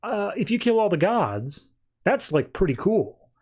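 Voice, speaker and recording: A man voicing a scheming female goddess of strife who flatters a villain in a sly, chatty way. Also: sits high, unhurried, husky, voice pushed up, exaggerated voice. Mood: wheedling.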